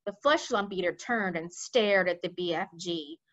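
A woman reading a children's book aloud for a library, telling the story in a lively way with asides to listeners. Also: fairly low pitch, moderate pace. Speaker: library read-aloud reader. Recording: dull lo-fi recording.

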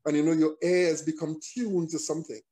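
A man, a songwriter and performer, telling a story in a relaxed conversational interview, often restarting his phrases as he thinks. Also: on the high side, brisk.

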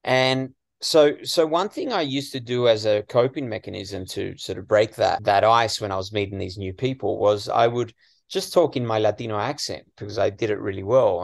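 An Australian man from western Sydney, a comedian guest in a casual interview, chatty and full of "you know"s and lively asides. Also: on the low side, normal speed, vocal fry, no echo.

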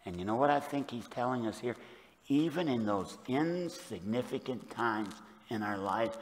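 An older man delivers a sermon from the pulpit, dropping to hushed tones and then rising to loud, emphatic declarations. His voice sits at an ordinary pitch for a man. It rings out with the long reverb of a church sanctuary. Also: expressive, normal speed, a little hiss or hum. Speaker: pastor.

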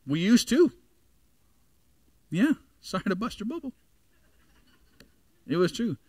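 A man's voice: high-pitched, sing-song, slow, a little mellow, slightly rough, no room sound. A man in his forties preaching a sermon in a church, talking conversationally and asking the congregation questions. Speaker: pastor. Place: church sanctuary.

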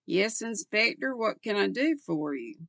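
An older woman voicing a composed young woman who is calm, guarded and faintly amused, read slowly with a gravelly edge. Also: medium pitch, no echo, pitched above the performer's own voice, exaggerated voice.

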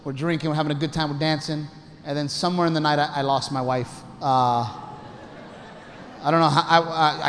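A man performing a stand-up comedy set, telling a story loudly and shouting out impressions. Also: a little high. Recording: live show with crowd noise. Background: audience laughter.

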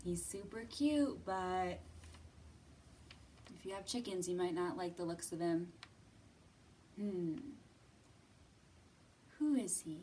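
A young woman leading a children's library storytime, gently coaxing little listeners with sing-song questions and sometimes dropping to a whisper. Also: medium pitch, far from the mic, a little hiss or hum. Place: library room.

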